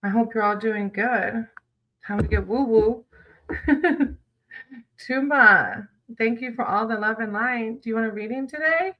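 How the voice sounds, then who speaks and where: A woman's voice: on the high side, a little slow, pauses often, dull audio. A woman chatting casually with viewers on a livestream, greeting them by name and reading tarot cards.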